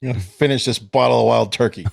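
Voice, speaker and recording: A man's voice: medium pitch, quick pace, gravelly, background noise. A male co-host tossing in dry, sarcastic quips during casual chat. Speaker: podcast co-host.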